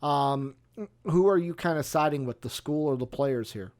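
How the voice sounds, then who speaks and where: A man's voice: on the high side, moderate pace, a little mellow. A young man hosting a casual sports talk stream, speaking hesitantly with many fillers. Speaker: host.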